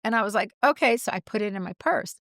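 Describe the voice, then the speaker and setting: A middle-aged woman co-hosting a podcast, chatting casually and telling an animated story with acted-out quotes. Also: mid-range voice, fast talker, no room sound, studio quality. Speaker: podcast co-host. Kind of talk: casual chat.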